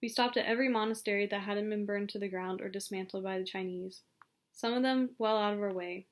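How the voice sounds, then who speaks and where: A woman narrating an audiobook in a calm, even storytelling manner. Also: mid-range voice, brisk. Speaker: audiobook reader.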